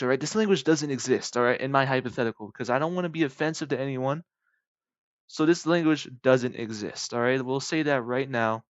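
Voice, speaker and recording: A young man talking straight to his viewers in a loose, rambling way, now and then breaking into shrill voices for the people he imagines. His mid-range voice sounds close and dry, and the recording is a bit dull and lo-fi. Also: no room sound. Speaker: YouTuber. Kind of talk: rambling casual monologue.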